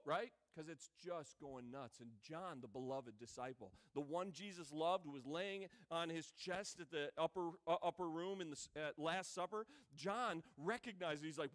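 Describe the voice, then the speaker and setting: A man with a fairly high voice preaches a sermon. He tells the story in an animated way and acts out the voices of the people in it. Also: moderate pace, hardly any pauses. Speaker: pastor.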